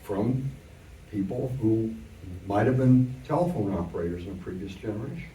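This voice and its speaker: A man's voice: on the low side, expressive, normal speed, dark tone, a little hiss or hum. Older man lecturing, echoey from afar. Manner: wry, explanatory storytelling from memory. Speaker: economics lecturer. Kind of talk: adult education lecture. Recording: echoey room from far off.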